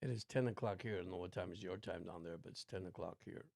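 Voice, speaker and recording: Low gravelly guy rambling on his sports livestream, dry close mic. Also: fast talker, a little mellow, no room sound. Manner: rambling, laid-back. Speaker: livestream host. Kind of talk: casual watch-along chat.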